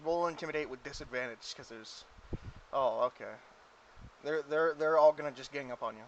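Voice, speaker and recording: A man's voice: mid-range voice, moderate pace, dull audio, a little hiss or hum. A man running a tabletop game as game master, rambling and stumbling over his words with giggles.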